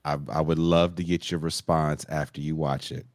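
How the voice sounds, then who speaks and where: Deep-voiced laid-back male podcast host. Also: fairly even intonation, normal speed, a little mellow, no echo, clean studio sound. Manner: laid-back, laughs often, profane. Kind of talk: casual podcast chat.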